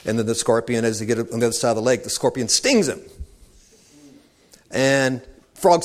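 A man's voice: medium pitch, moderate pace. A man preaching an informal sermon, talking conversationally and wandering into asides, calling his listeners saints.

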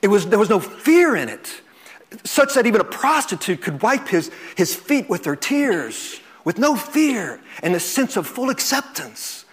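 Male pastor, fairly high voice, earnest sermon delivery that drops to soft, drawn-out lines. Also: very animated, breathy edge. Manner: earnest, repeats words, swings from loud to soft and slow. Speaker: preacher.

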